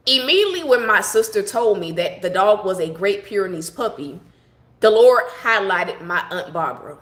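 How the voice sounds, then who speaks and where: A woman's voice: mid-range voice, a bit bright, roomy sound. A middle-aged woman giving a personal devotional talk, telling her story in a conversational, heartfelt and reflective way. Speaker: devotional broadcaster.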